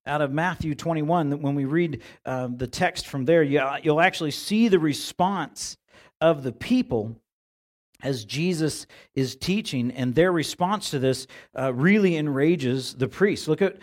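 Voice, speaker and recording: A man's voice: on the high side, measured pace. A man preaching a sermon as pastor in a church, talking in a conversational way and often repeating words as he searches for phrasing. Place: church sanctuary.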